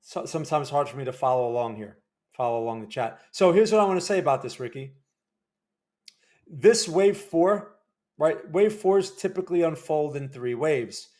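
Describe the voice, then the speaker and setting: A man's voice: a little high, normal speed, a little mellow. A man hosting a casual livestream, analyzing market charts and answering chat, rambling and correcting himself as he thinks aloud.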